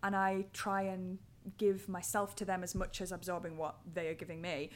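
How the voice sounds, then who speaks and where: A woman's voice: lowish voice, level tone, normal speed. A woman with a Durham accent hosting a podcast from her home, talking in a chatty, reflective way and laughing easily. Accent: Durham, North East England. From Durham, England. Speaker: podcast host. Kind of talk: casual conversational podcast chat.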